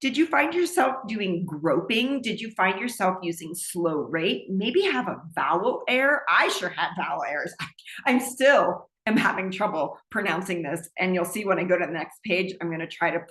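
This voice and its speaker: A woman's voice: lowish voice, expressive, moderate pace, fairly bright tone. A woman, a speech pathologist, giving a recorded presentation in an explanatory teaching manner with light laughs. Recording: echoey room.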